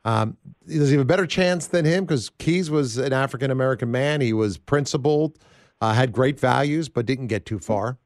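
A man's voice: medium pitch, moderate pace, no room sound, clean studio sound. A man hosting a political talk show, rambling and conversational with lots of fillers.

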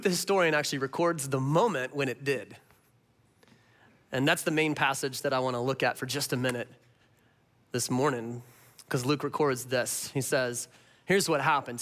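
Male pastor, sermon, high voice, bright tone, animated storytelling. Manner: animated storyteller with big swings in voice.

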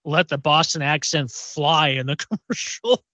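A man's voice: on the high side, a little slow, sharp tone, no echo. A man co-hosting a pop culture podcast in casual chat, often repeating words as he thinks. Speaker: podcast co-host.

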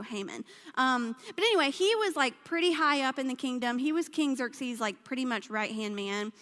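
Woman speaker with a raised pitch, loose and slangy sermon delivery, long hall reverb. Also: fairly bright tone. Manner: chatty and slangy, peppered with "like" and "um". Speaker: speaker teaching a Bible story. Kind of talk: casual sermon retelling a Bible story.

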